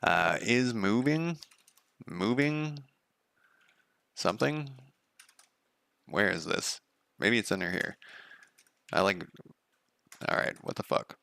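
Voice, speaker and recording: Gravelly, swearing streamer guy. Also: fairly low pitch, animated, slow, pauses often, bright, forceful tone, no echo. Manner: profane, sardonic, rambling. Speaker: game developer streamer. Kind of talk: casual live coding commentary.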